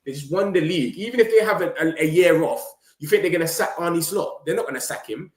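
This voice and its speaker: An excitable young man runs his words together in slangy, casual live-stream chat. His voice sits a touch high for a man. The room around him gives a roomy echo. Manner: excitable, slangy, rapid run-on talk. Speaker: football vlogger streaming to viewers.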